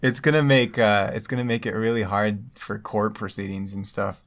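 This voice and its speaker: A man co-hosting a podcast, talking slowly and laughing easily. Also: fairly low pitch, fairly even intonation. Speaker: podcast co-host. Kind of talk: casual podcast chat.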